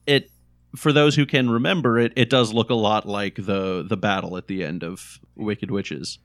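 A man's voice: on the low side, fairly even intonation, normal speed, a bit bright. A man narrating as game master of a tabletop game, describing scenes in a hesitant way with fillers.

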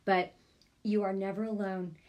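A woman preaching to her viewers in a live devotional talk. She sounds fervent and earnest, talking in a chatty way and answering viewers' comments as they come in. Her voice sits at a middle pitch. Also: little pitch movement, normal speed, a little mellow. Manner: fervent and earnest, repeats "I'm telling you". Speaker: online ministry host.

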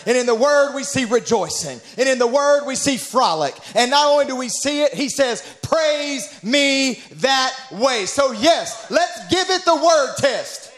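High-voiced man preaching a fiery sermon. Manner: rising to shouted, rhythmic preaching. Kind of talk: Pentecostal sermon. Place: church.

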